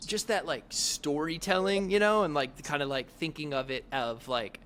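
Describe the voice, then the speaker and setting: A man's voice: fairly high pitch, moderate pace, fairly bright tone. Middle-aged guy hosting a podcast, rambly, lots of likes and you knows. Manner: rambling, lots of fillers and restarts. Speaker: podcast host. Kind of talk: casual conversational interview.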